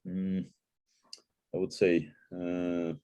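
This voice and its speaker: A man with a Russian accent, a student on an online call, speaking hesitantly with many pauses and fillers. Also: deep voice, monotone, dark tone, clear, resonant tone, dry recording. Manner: hesitant, lots of "uh" and restarts. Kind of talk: online group lesson. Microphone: video call.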